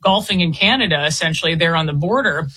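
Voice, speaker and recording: Woman reporter as guest, bright but husky, halting answers with repeats. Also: fairly low pitch, rough recording. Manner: halting, repeats words while explaining. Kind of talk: interview guest.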